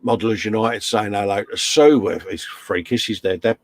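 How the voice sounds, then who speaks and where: A man's voice: fairly low pitch, moderate pace, dry recording. A man co-hosting a casual live stream, chummy and joking as he reads out chat comments. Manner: chummy banter, reads chat messages aloud.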